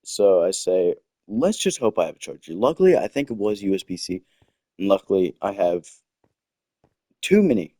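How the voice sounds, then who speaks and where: A young man with a low voice tells a story in a casual, rambling way while he plays a game. He keeps stopping mid-thought to comment on the game, then picks the story back up. His desk mic gives a close, dry sound. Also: warm tone, no room sound. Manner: rambling, self-interrupting with game asides. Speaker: gaming storyteller. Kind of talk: casual storytelling over gameplay. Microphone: desktop microphone.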